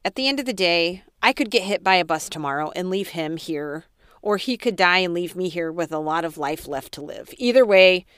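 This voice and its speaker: A woman's voice: on the low side, clean tone, no echo, clean studio sound. A woman hosting a podcast, telling her own story in a candid, self-deprecating way and talking straight to her listeners. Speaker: podcast host.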